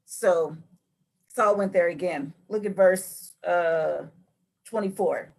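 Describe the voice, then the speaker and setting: A woman hosting a Bible study, teaching with lively storytelling and acted-out voices. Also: on the low side, takes it slowly. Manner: acts out scripture figures with lively voices.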